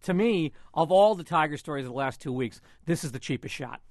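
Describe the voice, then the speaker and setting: A man's voice: on the high side, expressive, fairly quick, no room sound. A man giving sarcastic, opinionated sports commentary in a radio studio. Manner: sardonic, sarcastic wit.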